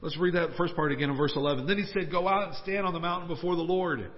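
A man's voice: on the high side, fast. Man, pastor, emphatic conversational sermon, long hall reverb, muffled sound.

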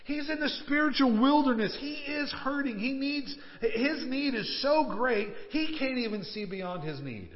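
A pastor delivering a conversational, emphatic sermon in a church. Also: male voice, very high voice, animated, measured pace, hardly any pauses. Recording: reverberant hall, dull lo-fi sound.

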